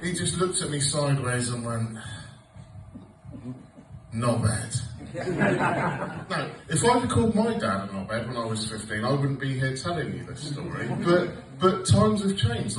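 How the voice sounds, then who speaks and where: A man's voice: medium pitch, distant mic, background noise. A man, performing a sweary, sarcastic stand-up comedy set. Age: 40s. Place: comedy club stage with audience laughter. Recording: roomy live club recording from afar.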